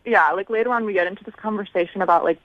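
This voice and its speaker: A woman's voice: medium pitch, racing, a crowd in the background. Giggly young woman caller over a muffled line. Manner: valley-girl filler, giggly, lots of "like". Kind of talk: casual phone call.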